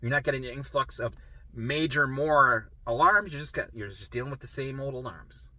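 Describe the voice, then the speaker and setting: A man who coaches recovery, teaching in a casual monologue to camera while drawing. He talks in an animated way, swears freely and acts out little quotes. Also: medium pitch, normal speed, no room sound.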